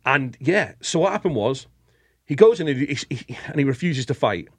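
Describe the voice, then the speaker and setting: British man telling animated stories. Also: medium pitch, fairly quick, husky, dry recording. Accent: British English. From England. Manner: animated storyteller, laughs often. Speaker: guest. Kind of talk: casual chat.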